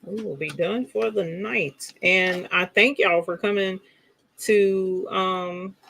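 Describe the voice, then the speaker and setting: A woman's voice: mid-range voice, steady tone, takes it slowly, vocal fry, a bit bright, a little hiss or hum. A woman hosting a crafting livestream, chatting casually and gushing to her viewers. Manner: gushing, addresses viewers as y'all. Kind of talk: casual live demo chat.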